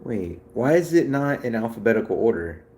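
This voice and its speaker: A man's voice: mid-range voice, very animated, brisk, warm tone, reverberant. A man livestreaming, chatting loosely with viewers in a rambling, swearing way. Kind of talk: casual chat with viewers.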